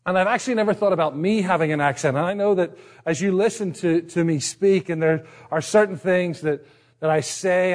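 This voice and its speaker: A middle-aged man from Northern Ireland with a partly Americanized Northern Irish accent, preaching a sermon in a conversational, self-deprecating way that is full of restarts. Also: on the high side. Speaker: pastor.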